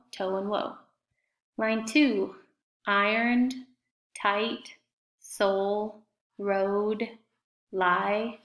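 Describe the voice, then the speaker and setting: Slow, patient woman teacher in an echoey room. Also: mid-range voice, fairly bright tone. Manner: slow, patient, spelling out letters. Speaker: fifth grade teacher. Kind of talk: recorded remote class lesson.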